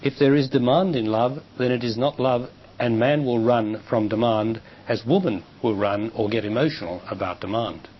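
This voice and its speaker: A man giving a public spiritual talk and answering audience questions, measured and emphatic, in a dull lo-fi recording with faint hiss. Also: mid-range voice. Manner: measured, emphatic, rises sharply when quoting others. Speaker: spiritual teacher. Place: lecture hall with audience.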